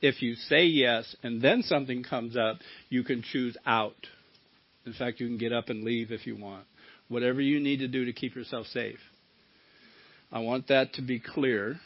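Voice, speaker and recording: A man's voice: mid-range voice, fairly even intonation, normal speed. A middle-aged man giving a candid personal share at a recovery meeting, swearing casually as he tells his story. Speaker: recovery speaker. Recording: dull lo-fi talk recording.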